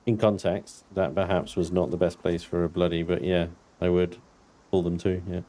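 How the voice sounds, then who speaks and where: Low-voiced man streaming a game. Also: flat delivery, normal speed, dark tone. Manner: chatty, swears casually, reads out chat. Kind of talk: casual gaming stream chat. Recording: clear background noise.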